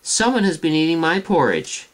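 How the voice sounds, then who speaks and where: A man's voice: fairly high pitch, sing-song, moderate pace, voice pushed up. A man reading aloud and voicing an indignant mother bear in a raised voice.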